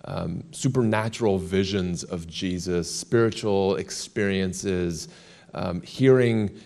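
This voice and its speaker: An American man, a guest in an interview, telling a long story with lively quoted lines. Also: on the low side. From United States.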